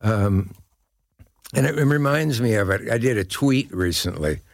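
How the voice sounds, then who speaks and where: Older man, very low voice, dry close sound, reflective anecdotes, from Nebraska. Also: lively intonation, moderate pace, creaky, no echo. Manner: reflective, searching for names. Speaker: guest. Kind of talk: casual chat, anecdotes.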